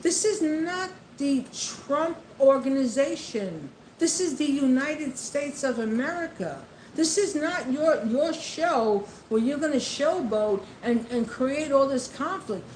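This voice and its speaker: A woman's voice: sits high, expressive, slow pace, hardly any pauses, darkish tone, slight background noise. A woman delivering an impassioned monologue of political commentary, repeating herself and speaking straight to the president. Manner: impassioned, repetitive, addresses the president directly. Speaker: vlogger. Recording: echoey room with faint ambience.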